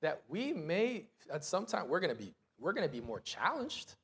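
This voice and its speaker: A man in his thirties with a notably high voice preaches to his congregation. He speaks in a lively storytelling way, acting out voices and sounds as he goes. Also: moderate pace, husky. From United States. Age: 30s. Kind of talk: sermon. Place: church sanctuary.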